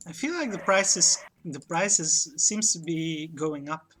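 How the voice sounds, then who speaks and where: A woman's voice: low voice, expressive, slow pace, fairly bright tone, slight background noise. Chatty woman streaming an old game. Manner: chatty, laughs often, reads narration aloud. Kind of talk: let's-play commentary, reading game text aloud.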